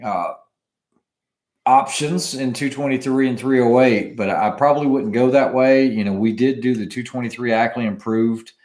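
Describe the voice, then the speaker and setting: A man co-hosting a casual podcast chat, animated and reading viewer questions aloud. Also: mid-range voice, normal speed. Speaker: podcast co-host. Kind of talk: casual chat about shooting.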